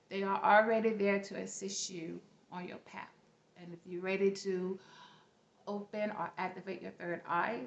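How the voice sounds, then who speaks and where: A woman's voice: mid-range voice, fairly bright tone. Earnest woman teaching spirituality in an echoey room. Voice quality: light accent, self-noted. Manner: earnest, repeats phrases, checks in with "okay?". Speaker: spiritual vlogger. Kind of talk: casual spiritual teaching to camera. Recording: roomy, dull lo-fi recording.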